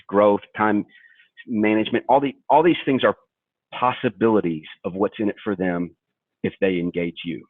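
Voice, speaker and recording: A man from Kentucky coaches brokers on sales in a direct, emphatic way. His voice is on the low side, dry, and thin like a phone line. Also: dry recording. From Kentucky, USA. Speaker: sales trainer, webinar presenter. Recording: tinny phone-like webinar audio, dry.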